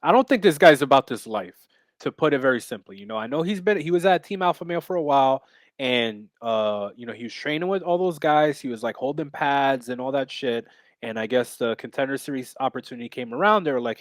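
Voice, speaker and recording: A man's voice: medium pitch, expressive, fairly quick, dry recording, clean studio sound. A man co-hosting a fight betting podcast, talking in a brash, rambling way with lots of fillers and swearing. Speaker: podcast co-host and MMA bettor. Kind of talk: casual betting chat.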